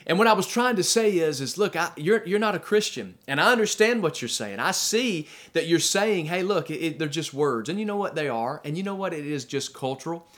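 A man preaching a sermon as pastor to his church, firing off rhetorical questions, slowing down to stress key phrases, and telling personal stories. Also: on the high side, lively intonation, fairly bright tone. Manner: conversational asides and personal stories.

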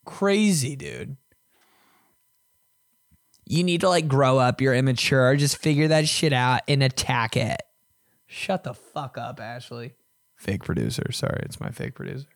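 A man's voice: medium pitch, dry recording, clean studio sound. A young man hosting a podcast, ranting casually with lots of swearing and mock voices. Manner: profane, animated, mock voices. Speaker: podcast host. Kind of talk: casual rant.

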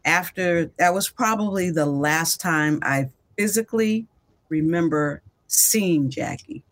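A woman, a mother, speaking as a podcast guest in a reflective, measured way. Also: fairly low pitch. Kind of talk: podcast interview.

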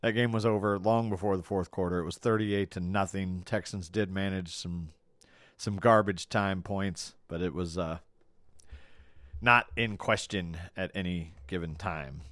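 A man's voice: low-pitched, unhurried, no room sound. Casual man talking football. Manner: animated, swears, quotes movie lines. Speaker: podcast co-host. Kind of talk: casual sports chat.

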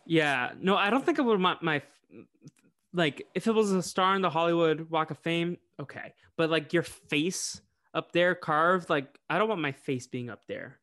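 A man co-hosting a casual podcast, chatty and quick to offer his opinions and small asides. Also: fairly high pitch, bright, forceful tone. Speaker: podcast co-host.

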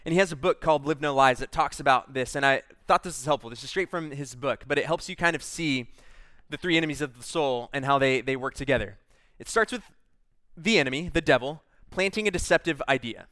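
A man's voice: on the high side, sharp tone, clean tone, no echo. A man preaching a sermon, reading scripture aloud and stopping to explain it in a conversational way. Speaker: pastor.

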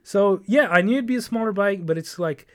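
Fast-talking profane man telling stories. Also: sits high. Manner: rambling, profane, animated storytelling. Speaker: podcast host. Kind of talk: casual storytelling chat.

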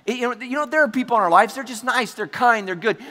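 Pastor preaching in a reverberant hall. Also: male voice, extremely high pitch, bright, forceful tone. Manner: conversational, joking, acts out quick asides. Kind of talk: sermon. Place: church hall before a congregation. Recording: large hall with long reverb.

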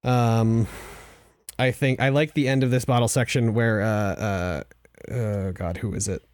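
A man's voice: medium pitch, fairly even intonation, a little mellow, dry recording. A man co-hosting a book podcast, talking casually with many restarts and getting emotional. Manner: halting, restarts often, emotional. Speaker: podcast co-host.

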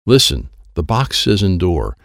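A man's voice: low-pitched, very animated, unhurried, no echo, studio quality, full character voice. A man voicing a firm, explaining girl.

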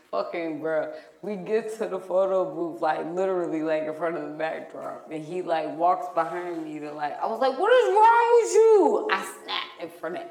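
A woman co-hosting a podcast, telling a story in casual chat, animated and profane, loudly acting out the lines she quotes. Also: low voice, moderate pace, reverberant. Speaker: podcast co-host.

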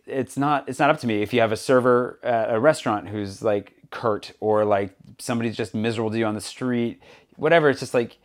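A man talks at a quick clip as he hosts a relaxed podcast conversation. He tells his stories with energy and slips into the voices of the people he describes. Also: medium pitch. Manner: animated storyteller, acts out quoted people. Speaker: podcast host. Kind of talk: casual chat. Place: Paris.

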